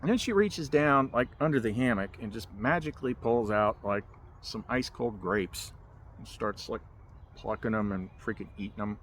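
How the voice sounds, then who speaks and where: Male vlogger, casual rambling storyteller, fairly low voice, outdoor recording with light noise. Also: moderate pace, fairly bright tone. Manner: rambling, filler-heavy, with restarts and 'like'. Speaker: spiritual vlogger. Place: outdoors in a hammock.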